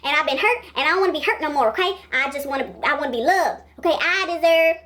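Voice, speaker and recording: A woman's voice: sits high, lively intonation, quick pace, fairly bright tone, pitched above the performer's own voice. A woman voicing a distrustful woman who whines and keeps repeating herself as she pleads to be loved. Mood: hurt, pleading.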